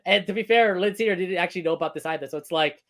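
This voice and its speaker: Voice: medium pitch, fast talker. A co-host of a cartoon review stream, recapping episodes in casual chat and laughing often between points.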